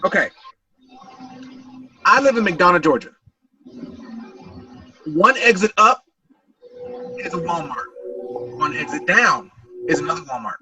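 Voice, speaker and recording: A man with a bright, forceful voice chats casually on a group podcast, stumbling and repeating words as he tells his story. He sits away from the mic in a dry, dead-sounding room. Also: on the high side, expressive, a little slow, pauses often, dry recording. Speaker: podcast panelist. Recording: voice distant from mic.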